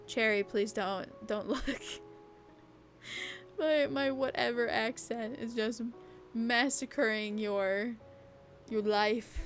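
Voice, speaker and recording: A woman's voice: a little high, steady tone, extremely slow, long pauses, faint music behind. A young woman streaming a casual late-night chat, rambling and chatty, peppering her talk with "like" and the odd swear word. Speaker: VTuber streamer.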